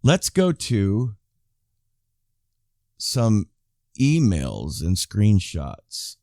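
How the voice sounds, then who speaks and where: A man's voice: mid-range voice, darkish tone, dry recording, clean studio sound. A man in his fifties giving casual YouTube commentary, reading viewer emails aloud and rambling with frequent restarts and asides to his viewers. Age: 50s.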